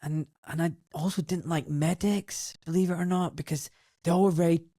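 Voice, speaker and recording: A man's voice: on the high side, moderate pace, dry recording, studio quality. Outspoken Scottish man telling stories. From Glasgow, Scotland. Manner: lively and outspoken, acts out quoted voices. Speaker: doctor and former surgeon, interview guest. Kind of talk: candid interview storytelling.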